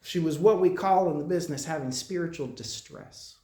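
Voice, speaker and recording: A fairly high-pitched, warm male voice echoes around a meetinghouse worship room. He's a hospital chaplain giving an informal, conversational message to a congregation, telling stories haltingly with frequent restarts and repeated phrases.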